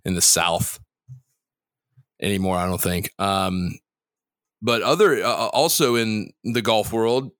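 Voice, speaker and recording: A man with a fairly low voice and a bright, forceful tone, hosting a laid-back sports podcast. He talks bluntly and swears without a second thought. The sound is dry and close. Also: takes it slowly, long pauses, no room sound. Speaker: podcast host. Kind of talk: casual sports chat.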